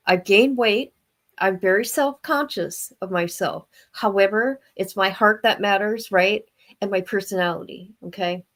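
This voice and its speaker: Older woman, livestream host, casual rambling chat, talks right to viewers. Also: mid-range voice.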